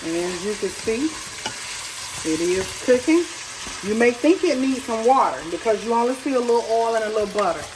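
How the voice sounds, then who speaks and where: A woman's voice: fairly high pitch, expressive, moderate pace, noisy background. Chatty woman cooking at home. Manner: chatty, folksy, talks straight to viewers. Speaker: home cook. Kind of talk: casual cooking tutorial. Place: home kitchen. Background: faint sizzling pan.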